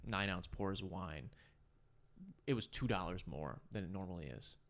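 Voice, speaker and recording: A young man in casual podcast chat, telling stories with lots of swearing and sudden jumps into high voices for quoted lines. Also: expressive, normal speed, fairly bright tone.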